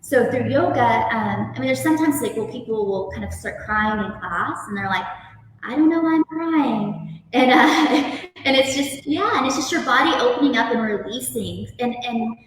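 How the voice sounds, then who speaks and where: A woman yoga instructor speaking calmly, gently guiding breathing and stretches. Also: a little high, normal speed, very echoey, long reverb tail, distant mic, slight background noise, rough recording. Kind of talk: guest interview then guided yoga instruction.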